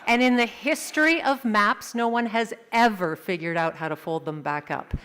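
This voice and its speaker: A woman tells a personal story to a gathered congregation, drawing it out with vivid detail and dramatic pauses. Her voice sits at an ordinary middle pitch. It carries the long, ringing reverb of a large hall. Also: a bit bright, clean tone. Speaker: service speaker sharing a personal story.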